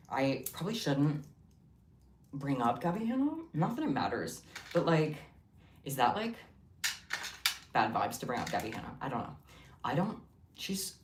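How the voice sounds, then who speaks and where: A woman hosting a casual livestream, rambling and joking in a scattered way as she reads chat. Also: rumbling low. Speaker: livestream host. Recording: echoey room, distant mic, faint noise.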